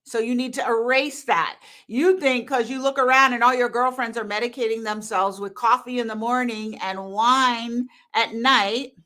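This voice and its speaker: Woman, high voice, animated, blunt, casual live-stream chat. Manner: animated, laughing, blunt and emphatic. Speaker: hormone coach hosting a live stream.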